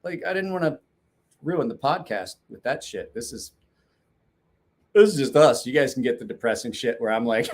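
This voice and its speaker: Here the garage-based knife-sharpening host, a man in his forties, sounds expressive, with medium pitch, normal speed and long pauses. The chat is loose and rambling, full of swearing and laughter.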